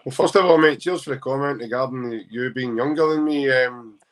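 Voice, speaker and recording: A Scottish man with a mid-range voice chats casually as a podcast guest. He is jokey and lively and teases himself. His accent comes from Glasgow. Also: mid-range voice, fairly quick. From Glasgow, Scotland. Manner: jokey, animated, self-mocking.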